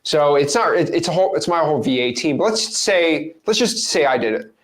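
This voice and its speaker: A young man teaching real estate with lively energy, acting out phone calls in quick different voices. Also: fairly high pitch. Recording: roomy echo.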